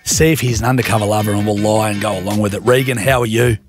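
A man's voice: on the low side, steady tone, fast talker, music in the background. A man with an Australian accent, hosting a radio show in casual, joking, matey banter. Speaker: radio host.

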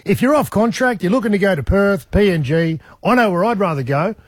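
A man's voice: high voice, lively intonation, brisk, no echo, clean studio sound. A man hosting a radio show, jovial and teasing his guest. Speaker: radio host. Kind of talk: casual radio chat.

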